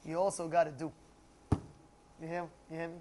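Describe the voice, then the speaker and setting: A man's voice: a little high, flat delivery, a little fast, noisy background. A man giving a Torah class, quizzing his listeners and acting out pleas to God. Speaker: Torah teacher.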